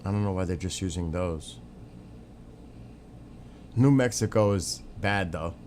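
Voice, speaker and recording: On his stream, a man with a low, slightly mellow voice speaks a little slowly over slight background noise. He rambles through opinionated casual commentary and replies to chat, addressing viewers by name and occasionally swearing.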